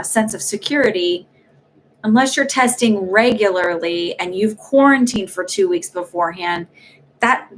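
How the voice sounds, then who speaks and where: A woman's voice: mid-range voice, a little hiss or hum. A woman hosting live psychic readings, talking in a chatty way with many fillers and restarts. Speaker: psychic medium host.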